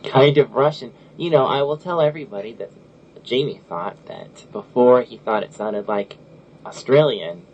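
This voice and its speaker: A man's voice: mid-range voice, moderate pace. A man hosting a casual chat show, rambling and laughing through his questions. His voice comes through muffled, lo-fi audio. A faint hiss sits under it. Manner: chatty, laughs often, restarts. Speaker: podcast host.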